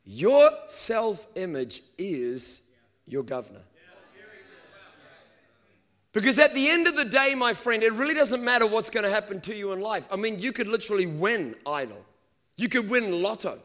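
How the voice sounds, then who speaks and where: A man preaching a sermon to a live congregation, telling stories with humor, animated delivery and vocal sound effects. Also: high voice, brisk.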